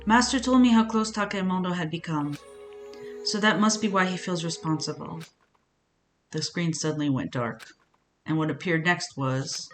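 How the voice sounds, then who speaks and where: A woman's voice: fairly low pitch, moderate pace, soft background music. A young woman streaming a game, reading the narration aloud with playful, emotional reactions. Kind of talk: game let's-play, reading dialogue aloud.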